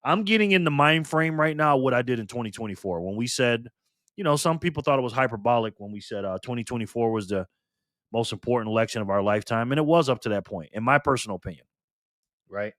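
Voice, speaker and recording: A man's voice: mid-range voice, lively intonation, quick pace, fairly bright tone, no room sound, clean studio sound. A man hosting a casual live stream, reading the chat aloud and talking back to viewers in an upbeat, chatty way. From Nevada.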